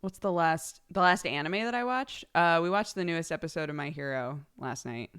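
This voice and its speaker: A woman's voice: low-pitched, a little fast, fairly bright tone, smooth. A woman live streamer chatting casually, laughing often and reading out thank-yous to her subscribers.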